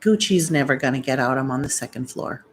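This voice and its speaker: A woman's voice: a bass voice, lively intonation, fairly quick, a little hiss or hum, low-quality recording. A woman hosting a casual livestream from home, chatting in a rambling, distracted way. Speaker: livestream host. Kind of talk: casual live-stream chat.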